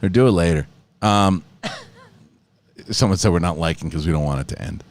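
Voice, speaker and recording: A man's voice: low-pitched, brisk. Brief: laid-back man hosting a live show, casual chat. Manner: relaxed, casual, with fillers. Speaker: host.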